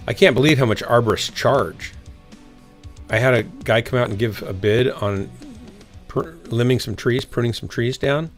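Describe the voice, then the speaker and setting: A man's voice: mid-range voice, moderate pace, soft background music. A man streaming a game and telling a rambling story in casual chat, full of fillers and restarts. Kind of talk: casual chat while gaming.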